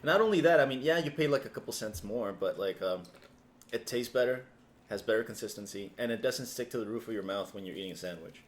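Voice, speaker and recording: A man's voice: on the low side, lively intonation, fast talker. A man hosting a podcast, talking in a laid-back, casual way and telling stories with plenty of swearing. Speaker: podcast host. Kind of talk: casual chat. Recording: roomy with faint background noise.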